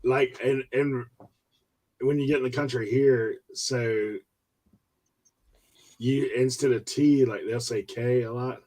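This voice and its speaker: A man's voice: mid-range voice, steady tone, slow pace, pauses often, warm tone, rough recording. A man in laid-back casual chat on a panel of resellers, laughing easily.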